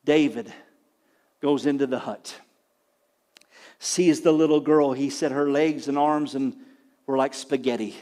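A male preacher telling a story in a sermon, building to loud emphatic peaks and often repeating "he says". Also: mid-range voice, steady tone, measured pace, long pauses. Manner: dramatic retelling, rising to loud emphatic peaks; frequent repetition of "he says".

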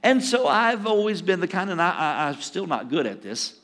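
A man's voice: high voice, big pitch swings, normal speed, fairly bright tone. An older man, preaching a sermon to a congregation in a conversational way and telling a personal story. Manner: conversational preaching with acted asides and chuckles. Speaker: pastor. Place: church sanctuary. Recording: long reverb in a church hall.

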